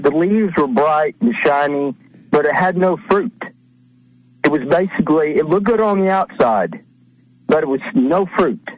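A man's voice: a little high, no room sound, muffled recording. Rambling male radio caller, dry sound. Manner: rambling, repeats words, chuckles often. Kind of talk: casual call-in talk.

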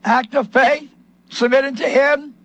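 A man's voice: very high-pitched, steady tone, a little slow, fairly bright tone, muffled recording. A man preaching a sermon, emphatic, repeating phrases and acting out the questions of Bible figures in their own voices.

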